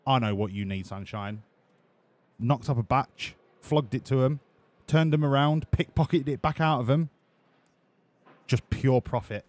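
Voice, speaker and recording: Male streamer, casual sweary running commentary, average pitch. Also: lively intonation, normal speed, pauses often, darkish tone. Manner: crude, rambling, sweary.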